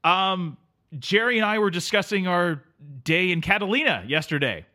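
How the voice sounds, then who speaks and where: A man's voice: sits high, lively intonation, normal speed, pushed and bright. A man playing a pushy, self-important audiobook studio engineer who talks down to his client and mutters asides, in a comedy sketch. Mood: exasperated. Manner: impatient, condescending, mutters asides.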